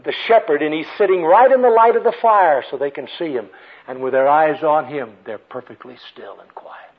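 An older man preaching a sermon with storytelling, moving between ringing emphasis and hushed passages. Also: a little high, a little fast. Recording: tinny phone-like radio broadcast.

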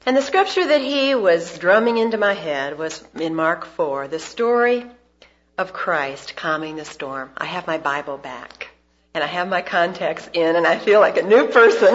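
Expressive woman giving a devotional talk. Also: lowish voice, measured pace. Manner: expressive storyteller, bursts of emphasis then soft asides. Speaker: speaker at a church gathering. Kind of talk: devotional talk with personal story. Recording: dull lo-fi recording.

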